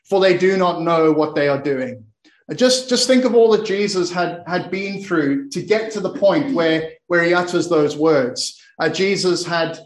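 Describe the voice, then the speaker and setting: A man's voice: sits high, echoey room, low-quality recording. A man preaching a sermon in earnest, often repeating and restarting his words.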